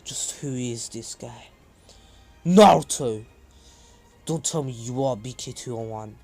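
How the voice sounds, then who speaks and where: Guy reading a cocky rival boy ninja, flat and low-key. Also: normal speed, faint music behind, close to an everyday voice. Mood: suspicious.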